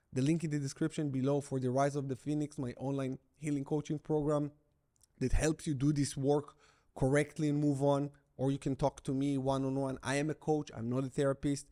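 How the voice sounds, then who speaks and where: A man's voice: on the high side, mellow. A middle-aged man coaching viewers through breakup recovery, blunt and emphatic, repeating his key phrases for weight. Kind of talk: direct-to-camera coaching talk.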